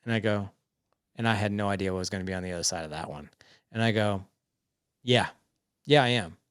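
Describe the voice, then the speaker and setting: Male podcast guest, forties, lower voice, frank storyteller, dry close recording. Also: fast, smooth, dry recording. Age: 40s. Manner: frank, acts out quoted dialogue. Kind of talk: candid personal storytelling.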